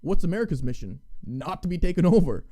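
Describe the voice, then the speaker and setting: A male podcast co-host delivering heated political commentary. He talks emphatically, stumbling over repeated words as he pushes on, in a slightly high, mellow voice. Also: sing-song, fast talker.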